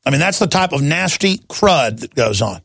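A gravelly, slightly higher-voiced man hosting a talk radio show, ranting emphatically and with indignation at his listeners. The sound is dry and close on a studio microphone, with no room around it. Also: sing-song, moderate pace, fairly bright tone, no room sound. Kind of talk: opinionated talk radio monologue.

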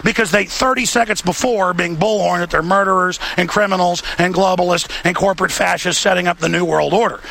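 A man's voice: high voice, steady tone, brisk, creaky, hardly any pauses, sharp tone. A man hosting a political broadcast, ranting urgently and repeating himself. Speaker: show host. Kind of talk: heated political broadcast rant.

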